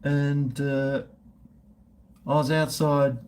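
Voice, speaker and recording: A man's voice: on the high side, flat delivery, extremely slow, darkish tone. A man with an Australian accent, chatting casually on a livestream and answering viewer comments in a rambling, easygoing way. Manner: rambling and chatty, with laughs and trailing restarts. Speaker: food reviewer and livestreamer.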